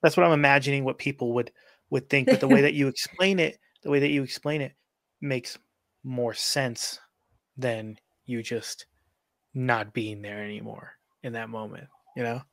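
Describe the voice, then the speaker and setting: Man host, mid-pitched voice, dry recording, easygoing and hesitant. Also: normal speed, no echo. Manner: relaxed, hesitant, restarts questions. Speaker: podcast host. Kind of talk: casual interview chat.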